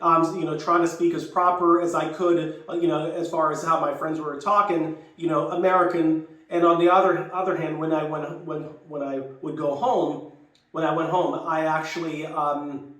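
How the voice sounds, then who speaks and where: Older guy from jamaica rambling through a story, kinda high voice, mic far off, big echo. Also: level tone, normal speed, fairly bright tone. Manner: reflective, rambling with frequent restarts. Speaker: YouTuber. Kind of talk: casual personal storytelling. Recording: very echoey room, distant mic, faint music.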